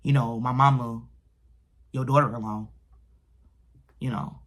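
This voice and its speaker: A woman, telling a story on her vlog in a ranting, animated manner. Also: extremely low pitch. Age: adult, has a daughter. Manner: animated, vents and rants, quick shifts. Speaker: vlogger.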